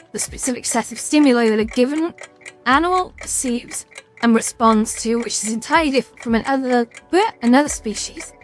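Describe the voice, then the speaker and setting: High-voiced British woman streamer. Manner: chatty and self-mocking, swears and stumbles over hard words. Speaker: streamer hosting a quiz game. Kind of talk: casual live-stream chat, reading quiz questions aloud.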